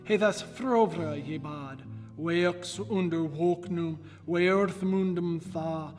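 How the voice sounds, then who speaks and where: A man performing as a solemn reciter of ancient verse, chanting in a slightly high voice at an unhurried pace. The recording has long hall reverb and faint music underneath. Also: a little mellow. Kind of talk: recited Old English verse.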